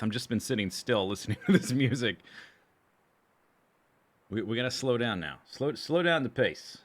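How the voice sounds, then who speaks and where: A man with a mid-range, animated voice speaks at normal speed but leaves long pauses. He's casually commenting on a survival game stream, rambling about his gear and plans and correcting himself.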